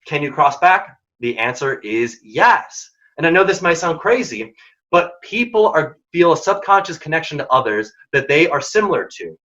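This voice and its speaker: A man's voice: fairly high pitch, sing-song, normal speed, fairly bright tone, muffled recording. A man giving direct, emphatic career advice in a workshop talk. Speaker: workshop speaker.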